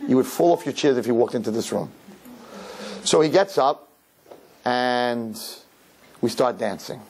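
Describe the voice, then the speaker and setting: A rabbi telling a lively personal story to an audience, acting out the dialogue as he goes. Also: medium pitch, a little slow, a little hiss or hum. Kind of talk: storytelling talk.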